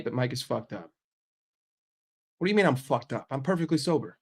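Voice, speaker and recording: A man's voice: medium pitch, big pitch swings, normal speed. An American man with an American accent, chatting casually with viewers as a streamer and football fan, crude and joking with frequent swearing. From United States.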